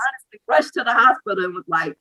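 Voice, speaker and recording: A woman, co-hosting a casual chat and telling a lively personal story, acting out what people said. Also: medium pitch, fast, low-quality recording. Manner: lively storyteller who acts out quotes. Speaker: co-host sharing a personal story.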